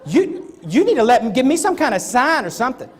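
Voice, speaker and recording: Man, keynote speaker on stage, lively swooping pitch, acts out scenes. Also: fairly quick, breathy edge. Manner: animated, acts out little scenes. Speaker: motivational speaker. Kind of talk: live keynote talk. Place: stage before a live audience.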